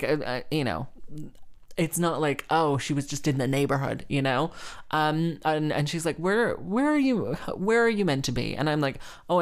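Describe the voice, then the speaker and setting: A woman who plays the harp, telling a rambling, chatty anecdote full of "like" and small laughs. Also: low voice. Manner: chatty and rambling, heavy use of "like", laughing between phrases. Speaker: harpist. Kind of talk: casual anecdote storytelling.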